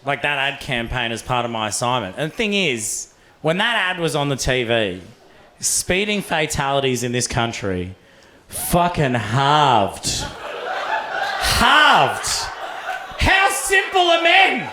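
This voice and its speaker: A man's voice: medium pitch, measured pace. A young adult man with an Australian accent performing a stand-up comedy set, telling profane stories and acting out voices. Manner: profane, animated storytelling with acted-out voices. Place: comedy club stage. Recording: echoey club room, faint ambience.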